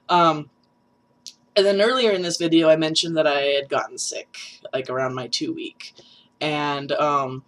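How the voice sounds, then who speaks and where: A man's voice: a little high, steady tone, a little slow, long pauses, fairly bright tone. Young trans guy vlogger, nasal voice, chatty and self-mocking, loose and rambling. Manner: chatty and rambling, many fillers, laughs at self. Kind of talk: casual vlog update.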